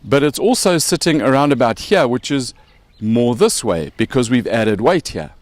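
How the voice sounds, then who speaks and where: A man's voice: mid-range voice, lively intonation, normal speed, no room sound. A man with a South African accent hosting a casual show, explaining with props and joking along the way. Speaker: podcast host.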